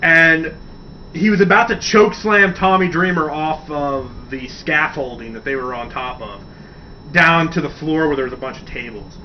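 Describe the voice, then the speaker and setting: A man's voice: a little high, normal speed. A man hosting a radio segment, chatting enthusiastically and rambling, swearing casually as he tells a story. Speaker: radio show host. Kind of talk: casual wrestling talk segment. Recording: distant dull mic with faint hiss.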